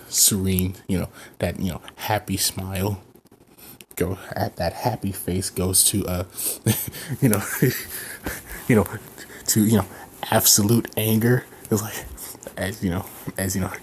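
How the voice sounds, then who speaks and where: Male amateur storyteller, slow and rambling, faint noise behind. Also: low-pitched, fairly even intonation, darkish tone. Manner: rambling, heavy on fillers. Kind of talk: improvised fan story narration.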